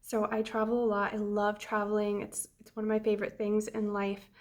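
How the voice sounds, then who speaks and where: A woman's voice: mid-range voice, monotone, fairly quick. A young adult woman vlogging about a trip, chatty and emotional, with frequent ums and restarts. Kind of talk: casual travel vlog.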